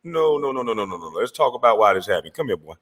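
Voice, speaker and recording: A man's voice: lowish voice, big pitch swings, quick pace, a bit bright. A man delivering a heated, profane rant, confronting and calling out rivals by name. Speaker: online commentator.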